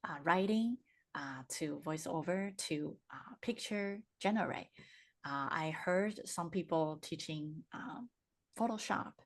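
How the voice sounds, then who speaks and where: Woman host low voice, hesitant, casual video-call interview chat. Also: animated, slow pace. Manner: hesitant, searching for words. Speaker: podcast host.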